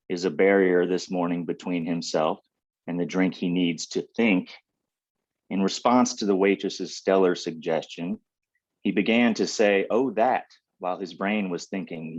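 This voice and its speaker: A man from Ohio reading his own poems on a video call, in a dry, unhurried voice. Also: deep voice, no echo, dull audio. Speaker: poet reading. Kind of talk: poetry reading.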